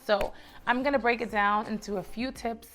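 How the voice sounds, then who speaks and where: A young lifestyle vlogger from the Bronx, New York, gives casual, chatty advice straight to camera, cheering her viewers on and calling them "baby" and "sis." Her voice is fairly high and fairly bright, with fairly even intonation at a normal speed.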